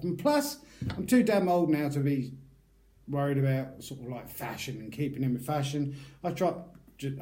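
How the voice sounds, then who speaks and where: A man's voice: mid-range voice, warm tone. A middle-aged British man from the UK, giving a casual, rambling product review as a YouTube reviewer. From United Kingdom. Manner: chatty, rambling, loose and informal.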